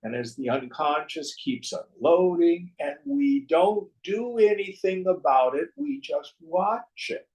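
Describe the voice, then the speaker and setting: Slow gravelly-voiced male spiritual teacher. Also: sits high, very animated, a little mellow, poor audio. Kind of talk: slow scripture commentary talk.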